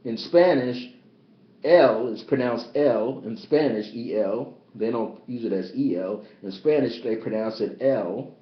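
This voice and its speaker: A man in the role of a bishop delivers a spiritual teaching over a live tablet stream. His mid-pitched voice repeats phrases with emphasis and jumps from high, loud exclamations to quiet asides. The sound is roomy and muffled, like a lo-fi tablet recording. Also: measured pace. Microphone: tablet device. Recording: roomy, dull lo-fi tablet livestream.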